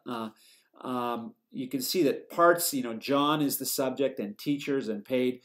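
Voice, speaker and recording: Man giving a steady explanatory lecture. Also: mid-range voice, measured pace, a little hiss or hum. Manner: explanatory, steady, with fillers and self-corrections. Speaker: English teacher giving a lecture. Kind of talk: recorded lecture.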